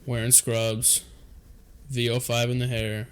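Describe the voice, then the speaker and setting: A man's voice: mid-range voice, completely flat delivery, slow, smooth. A man in his twenties co-hosting a podcast, trading crude stories in casual banter, laughing often and jumping in with short reactions. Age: 20s. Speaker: podcast co-host.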